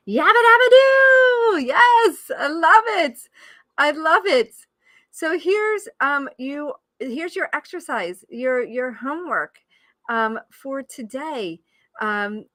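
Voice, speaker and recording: A woman's voice: fairly bright tone, no room sound. A woman life coach leading a live-streamed guided session, coaxing listeners through an exercise and breaking into enthusiastic cheers. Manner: enthusiastic, bursts into high whoops and cheers.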